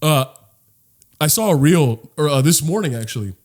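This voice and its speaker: Animated, profane man, a bit high. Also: moderate pace. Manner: animated, profane, rambling with restarts. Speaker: podcast co-host. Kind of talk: casual chat.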